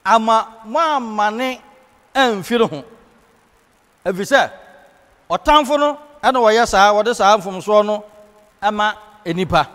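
A man's voice: high-pitched, expressive, slow, long pauses, a bit bright, in a large hall. A Ghanaian man teaching a Bible class in a preaching style, switching into English for scripture and key phrases.

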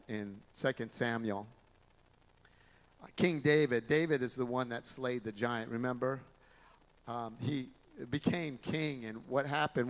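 A man preaching a sermon in a church, telling stories in an animated way. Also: medium pitch. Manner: animated storytelling, acting out voices. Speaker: pastor. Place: large church sanctuary. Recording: long reverb of a large church hall.

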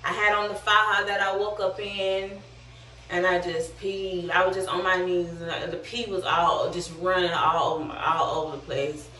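A young woman tells a story in a casual vlog, her voice fairly low, level, bright and forceful at a moderate pace. She's candid, slangy and chatty, slightly out of breath, recorded in an echoey room with a distant mic.

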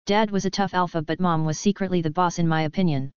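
A woman narrating an audiobook in an even, unhurried reading. Her voice sits low and very smooth, and the recording is dry and a little dull. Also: dry recording. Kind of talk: first-person audiobook narration.

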